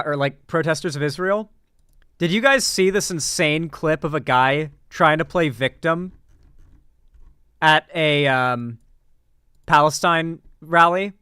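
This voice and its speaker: Man, commentary host, casual reaction talk, rambling with fillers, slightly high voice, dry close sound. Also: sharp tone, clear, resonant tone, no room sound. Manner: rambling, many fillers and restarts; blunt, with swearing.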